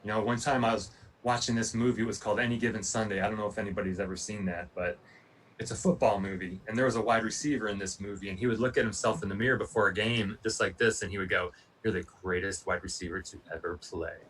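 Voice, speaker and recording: A man's voice: lowish voice, quick pace. Guy in his 40s rambling through a motivational talk, lots of um and you know, mic kinda far off. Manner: rambling, animated storytelling with many fillers. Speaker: Olympic pole vaulter sharing his story. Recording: distant mic, faint room noise.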